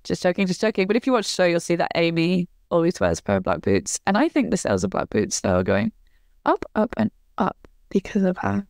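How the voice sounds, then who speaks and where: A woman's voice: on the low side, wildly swooping pitch, a little fast, darkish tone, no room sound, clean studio sound. A woman guesting on a podcast, talking in an effusive, jokey way. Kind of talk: casual chat.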